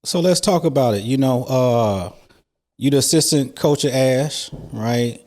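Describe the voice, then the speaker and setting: A man co-hosts a sports interview in a loose, conversational register. His questions wander and come padded with casual fillers, delivered at a comfortable middle pitch. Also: a little slow, darkish tone. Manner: laid-back, slangy, leading questions with lots of fillers. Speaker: interview co-host.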